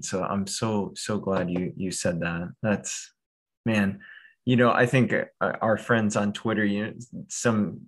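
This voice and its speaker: A man hosting a podcast asks gentle questions with many restarts as he searches for the right words. His voice sits low and has a husky, breathy edge. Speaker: podcast host. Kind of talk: interview conversation.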